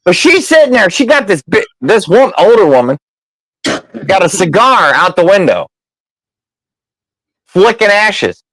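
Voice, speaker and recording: Profane, animated storytelling man. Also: sits high, unhurried, pauses often, dry recording, rough recording. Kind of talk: casual storytelling chat.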